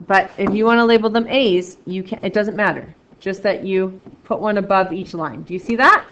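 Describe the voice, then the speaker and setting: A woman teaching a math lesson to a class, loud and excitable, joking about herself as she works through problems. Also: mid-range voice, poor audio. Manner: loud, excitable, self-mocking.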